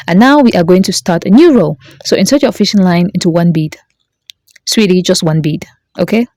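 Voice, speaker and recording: Chatty low-voiced woman teaching a craft. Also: a little mellow, dry recording, clean studio sound. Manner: playful, talks straight to viewers, jokes and self-corrects. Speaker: beading tutorial host.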